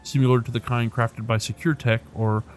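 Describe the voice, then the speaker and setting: A man's voice: mid-range voice, fairly even intonation, brisk, close to an everyday voice. A man voicing a polite, formal male tailor and material scientist in a video game, speaking like a salesman. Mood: courteous. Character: courteous male master tailor, scholarly.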